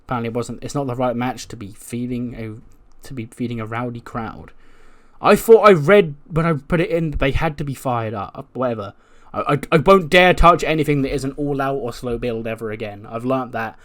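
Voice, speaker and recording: A man narrating his game run in a wry, self-deprecating way, in a voice of middling pitch. He talks casually and laughs at his own mistakes. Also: moderate pace. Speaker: game streamer. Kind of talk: let's-play narration.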